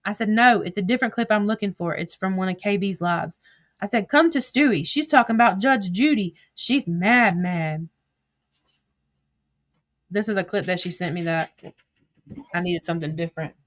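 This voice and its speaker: A woman's voice: medium pitch, moderate pace, pauses often, no echo. A woman streaming casual commentary, reading text messages aloud in a profane, gossipy way and laughing often. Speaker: social media streamer.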